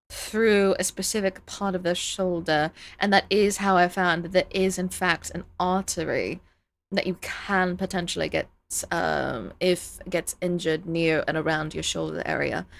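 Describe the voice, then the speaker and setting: A woman's voice: medium pitch, vocal fry, fairly bright tone. Chatty woman streamer thinking aloud. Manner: chatty, thinks aloud, laughs often, reads chat. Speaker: streamer reacting to videos. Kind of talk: casual live-stream chat.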